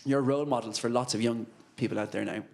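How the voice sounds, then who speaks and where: A man's voice: mid-range voice, fairly even intonation, fast talker, gravelly, a little mellow. A man interviewing a band, asking chatty, rambling questions with fillers.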